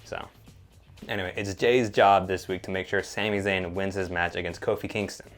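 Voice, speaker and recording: Deep-voiced man in a laid-back recap. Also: fairly even intonation, normal speed, soft background music. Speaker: podcast co-host. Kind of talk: casual wrestling recap chat.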